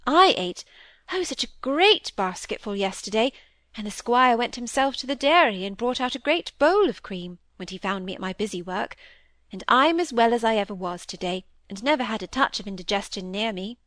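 A woman's voice: fairly high pitch, animated, moderate pace, a bit bright, no room sound, studio quality. A woman reading aloud, voicing an affectionate, eager young girl in a storybook. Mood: merry.

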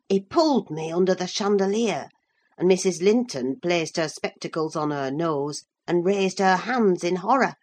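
Woman reading a novel aloud. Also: fairly low pitch. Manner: steady, measured storytelling. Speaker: audiobook reader. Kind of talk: scripted narration.

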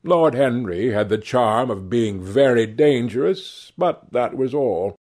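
Man reading a novel out loud, slow and creaky, voice goes up and down a lot. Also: medium pitch, expressive. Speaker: reader. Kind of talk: audiobook narration.

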